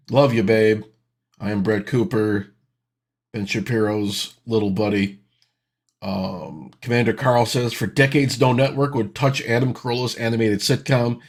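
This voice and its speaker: A man's voice: on the low side, steady tone, moderate pace. A man in his thirties hosting a reaction video, with sarcastic, exasperated ranting commentary.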